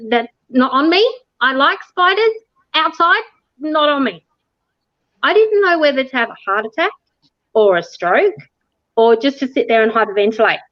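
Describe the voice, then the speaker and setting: A woman telling a ghost-tour story in casual chat, animated, laughing often and acting out what people said. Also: high-pitched, normal speed, pauses often, dry recording, dull audio. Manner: animated, laughs often, acts out quoted dialogue. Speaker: interview guest recounting a ghost tour.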